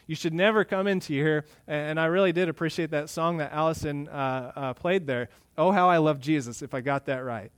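A male pastor preaching an earnest sermon, rising louder when he quotes scripture. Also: fairly high pitch, brisk, hardly any pauses, no echo.

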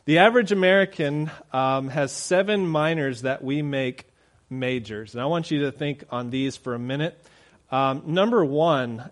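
A man preaching a conversational sermon, with frequent fillers and restarts. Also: on the high side.

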